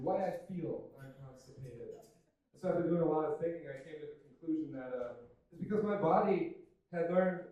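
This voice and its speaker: A young man doing a stand-up comedy set, self-deprecating and deadpan, with loose fillers and swearing. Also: on the high side, muffled recording. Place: comedy club stage with audience laughter. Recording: very echoey room, from some distance. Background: audience laughter.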